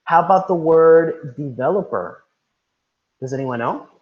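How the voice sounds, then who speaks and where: A man's voice: a little high, animated, measured pace. Male teacher on a roomy, dull call. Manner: repeats instructions, calls students by name. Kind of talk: online class teaching.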